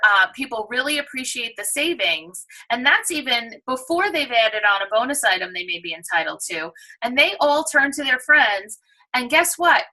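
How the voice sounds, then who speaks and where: A woman with a New York accent giving an enthusiastic, persuasive sales pitch to prospective sellers. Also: pushed and bright, low-quality recording. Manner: enthusiastic, persuasive, acts out shoppers' voices. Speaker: direct sales presenter.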